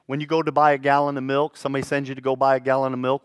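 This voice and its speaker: A man preaching a sermon in a church, telling stories with lively swings between hushed and loud delivery. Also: mid-range voice, racing, smooth, dry recording, clean studio sound. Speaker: pastor. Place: church sanctuary.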